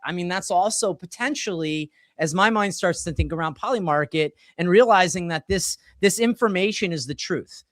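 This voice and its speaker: A man in his forties hosting a casual podcast chat, telling animated, rambling stories full of restarts. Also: high voice, no echo, clean studio sound. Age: 40s. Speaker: podcast host.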